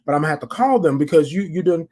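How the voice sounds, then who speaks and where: A podcaster voicing a firm but apologetic woman cashier in a lively, husky voice. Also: medium pitch, rapid-fire, close to an everyday voice.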